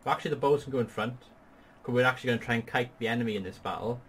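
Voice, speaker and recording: A man's voice: medium pitch, rapid-fire, fairly bright tone, slight background noise. Upbeat man guiding a strategy game. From Wales. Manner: explanatory, patient, upbeat. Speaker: gaming channel host. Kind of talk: strategy game tutorial commentary.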